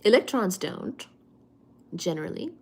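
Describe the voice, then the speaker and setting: A young adult woman hosting a casual physics study stream, thinking aloud and answering viewer chat with animated, expressive delivery. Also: on the low side, a little slow, slightly rough. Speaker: livestream science host reading viewer chat.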